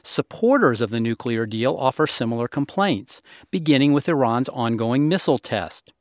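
A male national security correspondent reading a scripted news report in a measured, emphatic way. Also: medium pitch, lively intonation, a little mellow, no room sound, studio quality.

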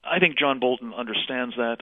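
A man's voice: mid-range voice, a little fast, dry recording. A man speaks assertively over a tinny, phone-like line, leaning on key words. The sound is dry and narrow. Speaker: interviewee.

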